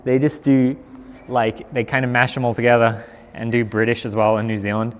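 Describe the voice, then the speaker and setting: A man's voice: medium pitch, level tone, fairly quick, big-room sound, a little hiss or hum. A young man with an Australian accent, a skateboarder chatting casually on a live stream in a laid-back, slangy way.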